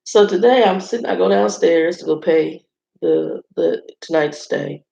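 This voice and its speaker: A woman's voice: lowish voice, unhurried, creaky, warm tone. A woman vlogger in a hotel room, chatting to viewers in a rambling, casual storytelling way and calling them y'all. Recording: roomy, slightly dull sound.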